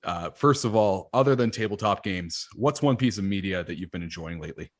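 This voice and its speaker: A man hosting a podcast, chatting casually and playfully firing off quick quiz questions at his guest. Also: low-pitched, animated. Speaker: podcast host. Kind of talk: casual interview chat.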